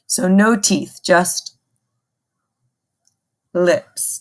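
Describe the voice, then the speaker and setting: A woman's voice: mid-range voice, lively intonation, slow pace, long pauses. A woman music teacher giving a patient, call-and-response recorder lesson to children.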